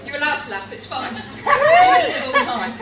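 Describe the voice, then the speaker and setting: A woman's voice: sits high, huge pitch swings, normal speed, over a noisy crowd. A woman doing live stand-up in a coffee shop, telling her story with self-mocking humour. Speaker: stand-up performer. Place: coffee shop performance space. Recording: echoey room, distant mic, loud background noise.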